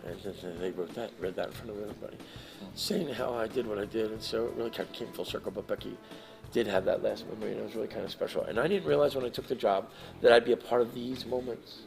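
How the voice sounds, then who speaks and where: A man telling a story to a live audience, animated and emotional, swinging from hushed to loud. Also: fairly low pitch, creaky. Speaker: guest storyteller.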